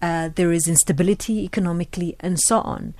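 A woman's voice: lowish voice, crowd noise. A woman hosting a radio talk show, questioning a guest and repeating words as she frames her question. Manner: halting, repeats words while framing a question. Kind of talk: interview questioning.

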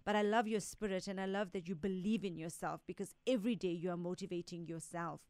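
A woman's voice: lowish voice, fairly even intonation, quick pace, a little mellow, no echo. Brief: woman, radio psychic, direct and soothing, dry close studio sound. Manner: direct, reassuring, relays messages as quotes. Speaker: resident psychic medium. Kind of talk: radio call-in psychic readings.

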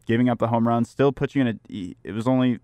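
Smooth-voiced young sports co-host. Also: male voice, mid-range voice, mellow, no echo. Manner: stat-heavy, measured. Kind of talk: casual sports talk radio chat.

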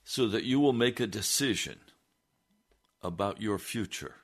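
A male preacher tells a story on a broadcast sermon in a low voice. He speaks slowly, in a measured and deliberate way.

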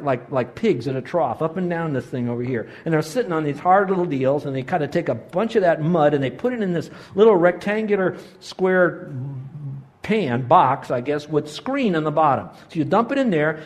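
A man in his sixties, a pastor, preaching a sermon full of lively stories with sudden loud excited bursts. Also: on the high side.

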